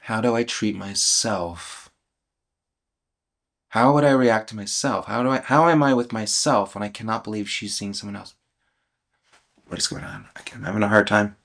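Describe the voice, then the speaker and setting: A man in his fifties speaks in a candid, searching way, putting questions to himself and answering them aloud. His talk is earnest and emotional, open and vulnerable, and now and then broken by soft laughs. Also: on the low side, steady tone, brisk, gravelly. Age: 50s. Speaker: channel host. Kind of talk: reflective spoken self-inquiry.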